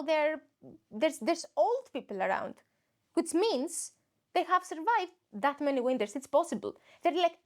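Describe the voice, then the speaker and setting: Woman, young adult, somewhat high voice, rambling comic monologue, self-mocking, laughs a lot. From Greece. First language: Greek. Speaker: comedian podcast host. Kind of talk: comedic monologue.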